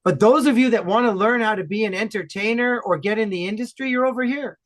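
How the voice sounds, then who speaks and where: A man from Ontario, Canada, talking enthusiastically and loudly as a guest in a casual podcast chat. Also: high voice, fast. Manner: enthusiastic, animated, loud talker.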